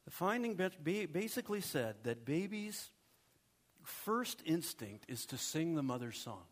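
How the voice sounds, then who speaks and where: A middle-aged male pastor preaching a sermon in a conversational way, with asides and quick check-ins to the congregation. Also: fairly high pitch, big pitch swings.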